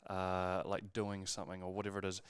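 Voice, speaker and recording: A man's voice: sits low, monotone, brisk, clear, resonant tone, dry recording, clean studio sound. A man co-hosting a podcast, chatting casually, with hesitant restarts. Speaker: podcast co-host. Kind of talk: casual conversational chat.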